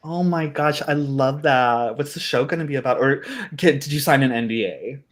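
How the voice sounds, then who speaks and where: A woman's voice: very deep voice, moderate pace. A woman voicing a bubbly, chatty female ghost who works as a hotel concierge in a tabletop game. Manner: gushing, eager, playful. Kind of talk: tabletop role-play voice.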